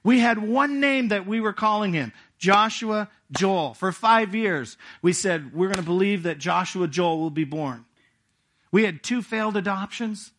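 A middle-aged man delivers a sermon as a personal story, speaking to his congregation in a conversational way. His voice sits a little on the high side for a man, and he tells the story with asides to the listeners. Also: measured pace, fairly bright tone. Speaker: pastor. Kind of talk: sermon testimony.

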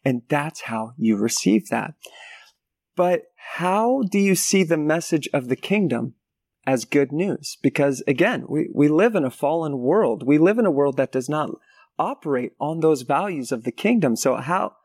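A man's voice: on the high side, lively intonation, moderate pace, darkish tone, no room sound, clean studio sound. A man in his thirties preaching a sermon as a guest speaker, telling a personal story with acted-out voices and sound effects. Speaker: guest pastor.

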